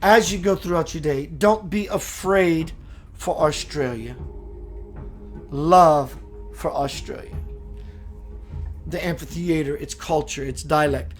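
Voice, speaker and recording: Man on the higher side, hosts a spiritual livestream, reads chat, then slows into sermon-like talk, faint music under him. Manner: reads viewer comments, switches into slow preachy delivery. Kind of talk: live-streamed spiritual talk.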